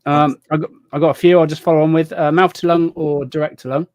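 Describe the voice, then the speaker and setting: A middle-aged man co-hosting a casual chat, asking questions in a relaxed, friendly way with many ums. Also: on the high side, quick pace, dry recording. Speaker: co-host.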